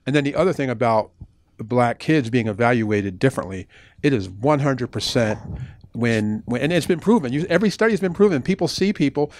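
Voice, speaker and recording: A man's voice: mid-range voice, a little fast. A man, an author and former police officer, answering audience questions at a book talk, telling stories with frequent restarts. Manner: animated storytelling with frequent restarts.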